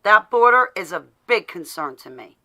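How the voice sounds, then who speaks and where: Bright-voiced woman ranting on a livestream. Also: mid-range voice, very animated, moderate pace. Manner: rambling, sarcastic, greets viewers by name. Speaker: vlogger addressing live viewers. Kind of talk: casual rambling political rant. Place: at home.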